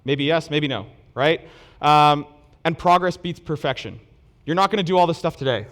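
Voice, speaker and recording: Male conference speaker, higher-pitched, casual and self-mocking, punchy emphasis. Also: normal speed, a bit bright. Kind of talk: conference presentation. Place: conference hall stage.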